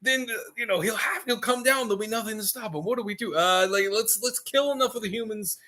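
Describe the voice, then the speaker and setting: A man's voice: high voice, fast talker, pushed and bright, pitched above the performer's own voice. A man voicing a group of panicking, scheming demons in a frantic, raised voice. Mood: panicked.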